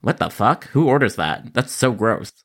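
A man's voice: mid-range voice, expressive, moderate pace, a bit bright. A man doing a sneering, rude customer. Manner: sneering, taunting.

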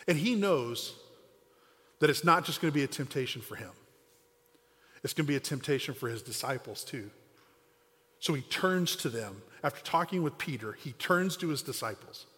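A man's voice: mid-range voice, animated, normal speed, pauses often, bright, forceful tone. Man preaching in an echoing hall. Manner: conversational storytelling, acts out quoted lines. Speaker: pastor. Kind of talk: sermon. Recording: long hall reverb.

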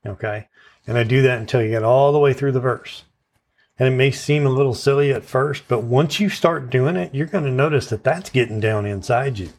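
A man preaching a sermon in an earnest teaching tone, often checking in with his listeners. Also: mid-range voice. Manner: stresses verse words in turn as he recites.

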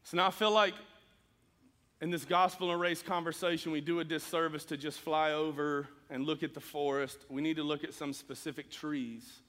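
A man's voice: fairly high pitch, little pitch movement, normal speed, a bit bright, in a large hall. A man preaching a sermon, earnest and emphatic as he reads scripture and speaks to the congregation. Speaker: pastor.

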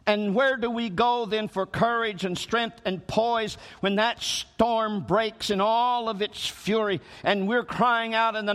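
A man preaching a sermon to a congregation, rising to emphatic peaks and drawing out slow, weighty phrases. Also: high voice, a bit bright, big-room sound. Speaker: pastor.

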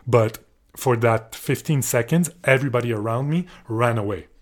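A young Canadian man hosts a podcast, telling a rambling, sarcastic story as a casual monologue. He swears often and keeps restarting his sentences. His voice is medium in pitch and his pace is moderate.

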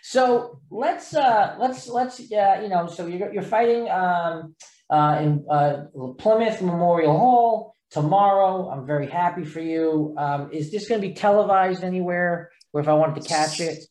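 An interviewer with a New York accent chats casually with a guest. The talk is halting and full of "uh" and "um" fillers. The voice sits at a middle pitch. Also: a little mellow.

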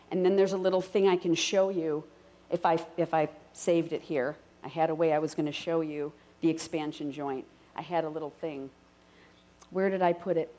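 Animated woman preaching to a congregation. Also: mid-range voice. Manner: conversational, animated, rising to fervent prayer. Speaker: speaker at a church gathering. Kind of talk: sermon to a live congregation.

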